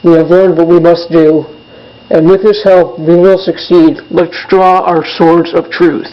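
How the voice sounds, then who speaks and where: A man's voice: a little high, level tone, unhurried, lo-fi sound, close to an everyday voice. A man doing a solemn puppet reciting verse. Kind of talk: puppet show poetry reading.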